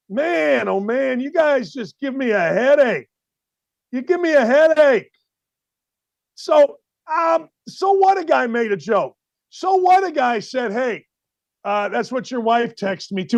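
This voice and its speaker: A middle-aged man hosting a sports talk show, ranting in a blunt, exasperated way. His voice sits high for a man and cuts through sharply. The studio sound is close and dry, with no room echo. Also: expressive, unhurried, creaky. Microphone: studio mic facing camera.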